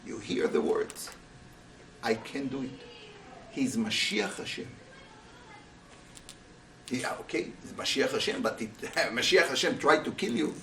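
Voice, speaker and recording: A male rabbi teaches a Torah class, pressing his students with animated rhetorical questions. His voice sits high and leaps around in pitch. He is picked up from a distance, with the echo of the room around him. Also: slight background noise. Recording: roomy, voice from a distance.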